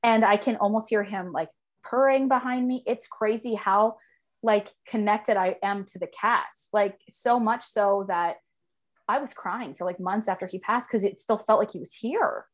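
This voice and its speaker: A woman's voice: medium pitch, normal speed. A young woman hosting a casual chat from her home office, talkative, laughing often and swearing casually. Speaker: podcast host.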